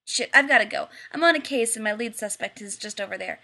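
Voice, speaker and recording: A woman's voice: mid-range voice, quick pace, creaky, pushed and bright. A woman voicing a cheeky, upbeat young man who teases everyone in an audiobook reading. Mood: breezy. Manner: upbeat and teasing. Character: cheeky breezy young man, fake psychic.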